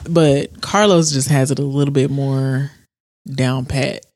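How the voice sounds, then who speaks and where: A woman co-hosting a casual podcast and chatting candidly about people she watches. She tells lively stories, slipping into other voices for the quotes, and her speech is blunt and explicit. The sound is dry and close, with hardly any room. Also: a bass voice, measured pace, no echo. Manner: candid, animated storytelling with mimicked quotes; explicit, frank commentary. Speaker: podcast co-host.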